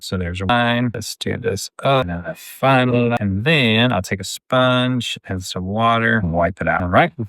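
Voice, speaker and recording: A man's voice: on the low side, gravelly, dry recording. A middle-aged man in his pottery studio, casually talking through a glazing demonstration as he works. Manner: relaxed, chatty, talks while working. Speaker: pottery teacher.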